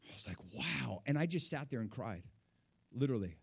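A man recounting a personal faith testimony, speaking in a medium-pitched voice. He drops to a hush when he quotes himself and climbs into excited outbursts. His delivery is loose and conversational. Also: fast, slightly rough. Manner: animated storyteller who swings between hushed and excited.

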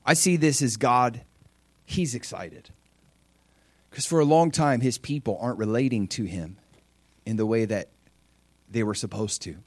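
A middle-aged man preaching a sermon, animated, jumping into excited voices as he acts out scripture. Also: a little slow, pauses often, dry recording. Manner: animated, acts out excited voices of God with big pitch jumps. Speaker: pastor.

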